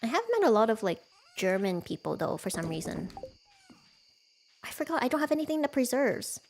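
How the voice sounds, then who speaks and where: A woman's voice: a little high, very animated, fairly quick, darkish tone, a little hiss or hum. A woman streaming a cozy farming game from home, chatting casually with her viewers, giggling often and poking fun at herself. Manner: chatty, giggly, self-deprecating.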